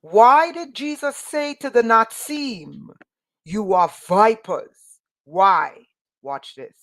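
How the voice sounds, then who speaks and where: Slow, passionate woman teaching scripture. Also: fairly high pitch, fairly bright tone. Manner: passionate, emphatic, many rhetorical questions. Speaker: teacher of a spiritual school. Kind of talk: online Bible lesson.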